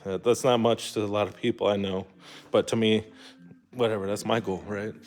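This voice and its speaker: Low-pitched and steady, a young vlogger's voice moves fairly quickly through a loose monologue. He swears, restarts sentences, and stuffs his talk with fillers.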